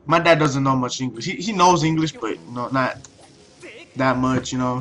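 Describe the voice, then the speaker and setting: A man's voice: on the high side, normal speed, sharp tone. A young man telling a story over gameplay in a casual, profane, ranting way, with many restarts. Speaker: video commentator.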